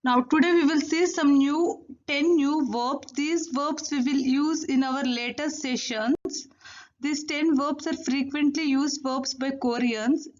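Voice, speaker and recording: Woman teacher, high voice, unhurried drilling, dull lo-fi recording. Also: fairly even intonation, darkish tone. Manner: slow, repeats each word twice for drilling. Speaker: language teacher. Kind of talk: recorded language lesson.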